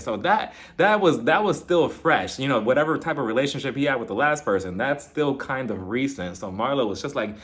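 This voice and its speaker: A man's voice: mid-range voice, animated, moderate pace, a bit bright. A man casually reviewing a reality TV episode, acting out quotes and laughing often. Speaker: TV recap reviewer.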